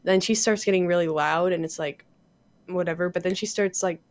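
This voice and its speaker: A young woman co-hosting a podcast, chatting casually, swearing freely and laughing loudly as she tells stories. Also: lowish voice, a little fast. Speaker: podcast co-host. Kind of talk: casual chat.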